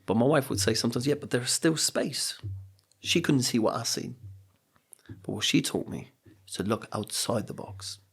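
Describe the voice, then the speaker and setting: Speaking at a normal speed, a middle-aged man has a creaky, breathy-edged mid-range voice. As a coach and speaker on a podcast, he shares personal stories reflectively, with an earnest, motivational tone, acting out quotes along the way.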